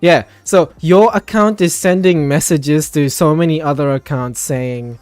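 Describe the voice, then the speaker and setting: A man's voice: fairly high pitch, unhurried, few pauses, darkish tone, no echo, soft background music. A man hosting a casual voice chat, ranting with plenty of swearing and laughter.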